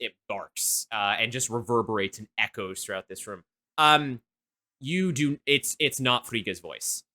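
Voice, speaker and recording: Bright-voiced male game master. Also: mid-range voice. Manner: halting, full of fillers. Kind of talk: narrating a tabletop game.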